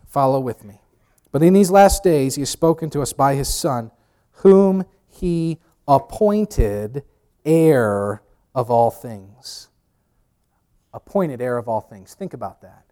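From the pulpit, a pastor preaches conversationally, sinking nearly to a hush before rising to emphatic lines. He works in pop-culture references and wry jokes at his own expense. His voice is on the high side.

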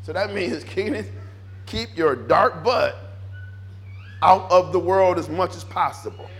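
A man preaching a sermon in a church, animated and repetitive, acting out little inner dialogues as he goes. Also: sits high, a little slow. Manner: animated, repeats phrases, acts out inner dialogue. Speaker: pastor.

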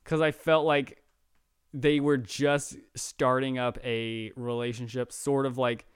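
Smooth-voiced young man gushing over a movie. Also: medium pitch, flat delivery, takes it slowly, no room sound, studio quality. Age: young adult. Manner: eager, explains plot points, quotes characters in offhand voices. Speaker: podcast co-host. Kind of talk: casual movie review chat.

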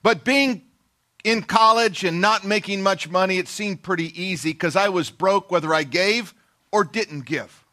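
A man's voice: high voice, measured pace, pushed and bright. A middle-aged male pastor telling a personal story in a sermon, folksy and self-deprecating, acting out the people he quotes.

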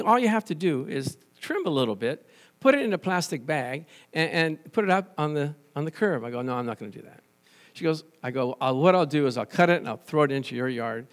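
A man preaching a sermon as pastor, animated and conversational, telling stories and restarting phrases. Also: fairly high pitch.

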